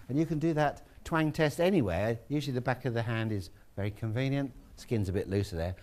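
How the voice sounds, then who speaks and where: A man giving a relaxed, chatty classroom lecture, with asides to students. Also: mid-range voice, fairly quick.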